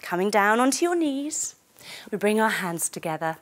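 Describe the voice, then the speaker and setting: Animated woman leading kids yoga. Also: medium pitch, a little slow. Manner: animated, encouraging, sound effects. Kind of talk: guided yoga storytelling for children.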